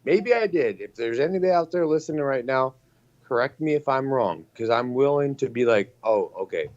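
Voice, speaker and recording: A man in casual chat, telling stories in a profane, animated way. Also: mid-range voice, brisk, highs cut off.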